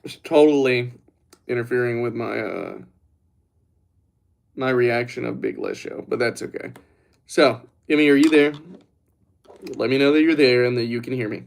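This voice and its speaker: A man's voice: medium pitch, moderate pace, gravelly, long pauses. A young man livestreaming, rambling and joking as he talks straight to his chat. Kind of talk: casual livestream chat with viewers.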